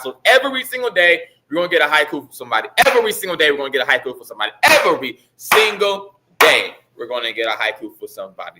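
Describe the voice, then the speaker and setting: A man giving the morning announcements at a school assembly, energetic and repeating his points with call-and-response. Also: mid-range voice.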